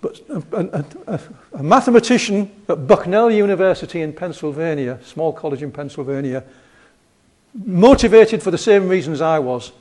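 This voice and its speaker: A man's voice: a little high, lively intonation, normal speed, dark tone. A man with a Yorkshire accent giving a casual lecture over slides, rambling and chatty with self-deprecating humor.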